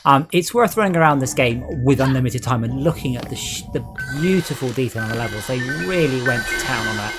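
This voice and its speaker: A man's voice: mid-range voice, animated, brisk, hardly any pauses, loud music behind the voice. A man chatting wryly and sarcastically while streaming a video game. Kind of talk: casual gaming chat.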